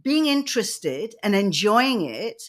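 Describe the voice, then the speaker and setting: A woman from Manchester with a Mancunian accent, co-hosting a podcast and telling lively, rambling anecdotes in casual chat. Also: mid-range voice, slow. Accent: Mancunian English. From Manchester, England. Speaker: podcast co-host.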